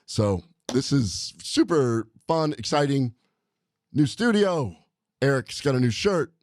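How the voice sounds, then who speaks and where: A man's voice: medium pitch, very animated, slow pace, darkish tone, no echo. A man hosting a casual podcast, talking upbeat and enthusiastic with a rambling flow. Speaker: podcast host, doctor. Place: studio.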